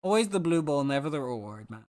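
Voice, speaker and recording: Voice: mid-range voice, sing-song, quick pace, a little mellow. Playful streamer in mock-dramatic complaint. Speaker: live streamer talking to chat. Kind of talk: casual live-stream chat.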